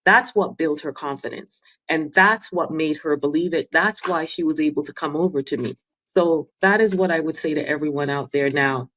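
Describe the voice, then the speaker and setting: A woman's voice: low voice, moderate pace, a bit bright, low-quality recording. A woman speaking as a guest and mentor on a podcast, earnestly giving advice in short, repeated phrases. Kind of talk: casual interview chat.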